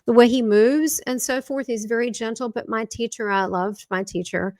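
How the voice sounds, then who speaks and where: A woman's voice: on the high side, steady tone, moderate pace, a little mellow, no echo, clean studio sound. A woman being interviewed as a spiritual medium, talking animatedly and often breaking off and restarting her sentences. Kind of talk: casual interview chat.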